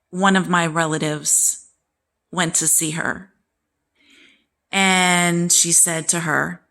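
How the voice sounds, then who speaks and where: Slow gravelly woman in her sixties. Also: lowish voice, a bit bright. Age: 60s. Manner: candid and emphatic, acting out quoted relatives. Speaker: vlogger. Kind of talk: personal storytelling to camera.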